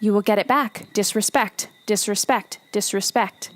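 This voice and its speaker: A woman's voice: medium pitch, normal speed. A woman hosting a solo motivational podcast, talking emphatically and bluntly, with some swearing and repeated phrases for emphasis. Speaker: podcast host and coach.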